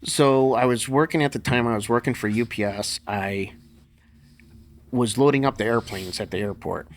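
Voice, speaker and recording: A man's voice: medium pitch, normal speed. A middle-aged man, a podcast guest, telling blunt, profane stories in casual conversation and laughing as he goes. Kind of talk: casual storytelling interview.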